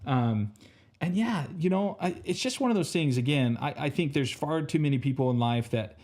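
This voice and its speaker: A man's voice: on the high side, expressive, normal speed, a little mellow. Earnest young man giving motivational talk. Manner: earnest, motivational, many fillers. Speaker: podcast co-host. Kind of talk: casual podcast chat. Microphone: earphones with podcast mic.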